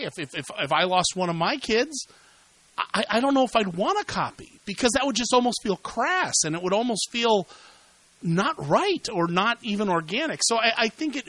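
A man's voice: high-pitched, sharp tone, no room sound, poor audio. A middle-aged man hosting a casual movie review podcast, talking animatedly and repeating words when worked up.

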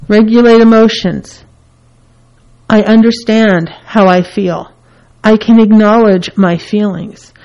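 A woman's voice: medium pitch, steady tone, slow pace, a little mellow. A woman therapist in a casual teaching talk, who acts out the feelings she names with her voice. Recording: dull lo-fi recording.

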